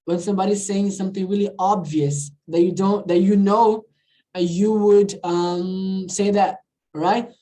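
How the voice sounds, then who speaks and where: This woman's voice sits mid-range, warm and fairly even, at a measured pace, recorded roughly. Not a native of the country where she teaches, she runs a chatty online English lesson, repeating "all right, guys?" and switching into Portuguese.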